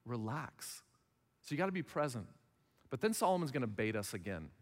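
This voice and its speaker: In a large hall, a man in his thirties preaches as pastor, his medium-pitched voice very animated and a little fast. His style is conversational, and he performs short dialogues using other voices.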